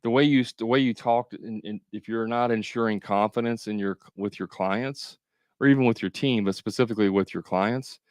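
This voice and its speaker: Guy running a chatty coaching livestream, smooth lowish voice, dry close sound. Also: fairly even intonation, fairly quick, a little mellow, no echo. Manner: chatty, talks straight to viewers with joking asides. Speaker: business coach for contractors.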